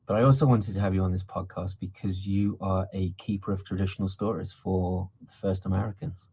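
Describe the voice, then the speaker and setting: A man hosting a podcast interview, eager and halting, with many fillers and restarts. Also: low voice, steady tone, mellow, slightly rough. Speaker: podcast host.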